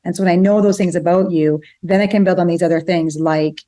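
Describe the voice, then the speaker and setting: A middle-aged woman co-hosting a relationship podcast in casual conversation, chatty and quick to retell family stories. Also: on the low side, fairly even intonation, dark tone. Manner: fast, chatty, retells stories acting out both sides. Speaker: podcast co-host, relationship psychologist.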